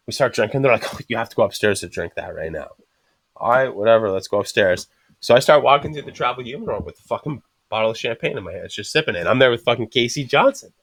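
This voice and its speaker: Profane, animated man telling bar stories. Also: medium pitch, no echo. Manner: swears constantly, animated storyteller acting out quotes. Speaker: podcast host. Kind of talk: casual chat.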